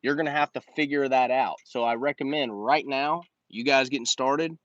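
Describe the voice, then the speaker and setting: A man's voice: mid-range voice, fairly bright tone, no room sound, dull audio. A man hosting a casual livestream Q&A and coaching business owners in slangy, emphatic talk that repeats his points.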